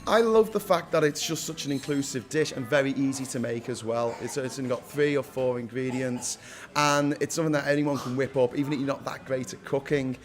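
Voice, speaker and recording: A young man with a Liverpool accent and a mid-range voice talks fairly quickly in a casual interview. He's the founder of a local food day, upbeat and laughing often as he chats.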